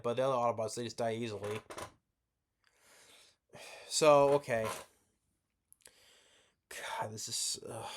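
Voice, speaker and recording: A man giving a rambling, profane movie review rant, sleepy and yawning as he talks, with lots of restarts. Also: mid-range voice.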